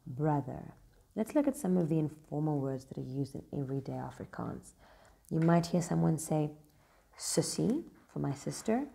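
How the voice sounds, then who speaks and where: A woman teaches vocabulary in a relaxed, chatty way, recorded in a school. Her voice sits low with a mellow, gravelly edge. She repeats each new word slowly and cheers the listener on. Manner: chatty, encouraging, repeats words slowly to model pronunciation. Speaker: language teacher. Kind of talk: casual vocabulary lesson.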